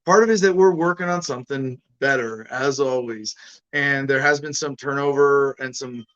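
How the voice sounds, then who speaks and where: Podcast guy, bright clear voice, blunt and rambly, kinda dull lo-fi sound. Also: medium pitch, normal speed. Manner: blunt, swearing, loose and rambling. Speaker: podcast host. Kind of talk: casual chat.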